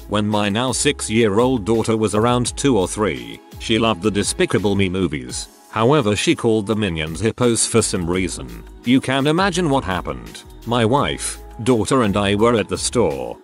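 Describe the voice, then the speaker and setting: A man narrating online stories in a scripted read, spelling out abbreviations letter by letter. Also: fairly low pitch. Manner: reads text out literally, abbreviations spelled letter by letter.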